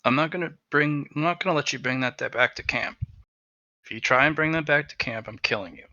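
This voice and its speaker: A man doing a grim, hushed veteran monster hunter. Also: brisk, dry recording, highs cut off. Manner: low, quiet, threatening growl.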